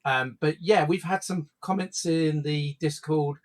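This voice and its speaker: A man's voice: on the high side, a little slow, poor audio. Man, stream co-host, casual rambling chat full of fillers and restarts.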